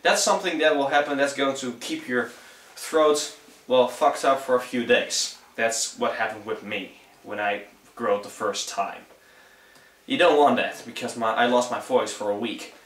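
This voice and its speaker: A young man with a Dutch accent talks through a casual how-to in loose, swearing, easygoing English. His voice is bright and forward, though he sits back from the mic in an echoey room. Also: medium pitch, normal speed, distant mic. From Netherlands. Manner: rambling, profane, laid-back. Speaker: vocal tutorial vlogger.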